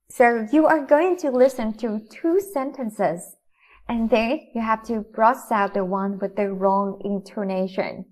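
A Vietnamese-accented woman teaching English to children, her voice sitting a touch high. She talks slowly and deliberately, spelling out each step of the lesson. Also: darkish tone. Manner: slow, deliberate, instructive.

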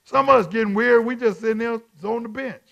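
A man preaching at Bible study as a bishop, repeating his lines in call-and-response and swinging from quiet talk to shouts. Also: extremely high pitch, fast talker, gravelly, highs cut off.

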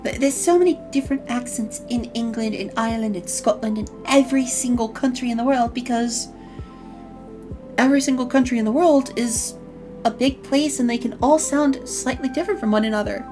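A woman's voice: on the high side, a little fast, over music. A woman hosting a casual podcast, explaining with emphasis. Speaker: podcast host. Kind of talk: casual chat.

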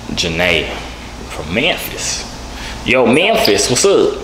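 A man's voice: lowish voice, big pitch swings, measured pace. A man in his twenties joking and teasing strangers in a casual video chat. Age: 20s. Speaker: vlogger. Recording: echoey with loud noise.

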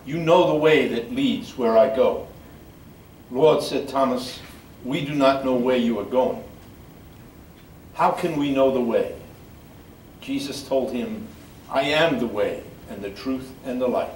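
An older man, a priest, reading scripture in a measured, solemn way at a memorial service. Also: medium pitch, a little mellow. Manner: measured solemn reading, halting when speaking freely. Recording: echoey room from far off, faint background noise.

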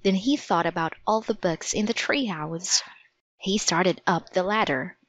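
Woman, storybook narrator, gentle, measured, very slow, dry close sound, slightly muffled. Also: mid-range voice, no echo. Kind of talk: storybook read-aloud. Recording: dry, slightly dull audiobook recording.

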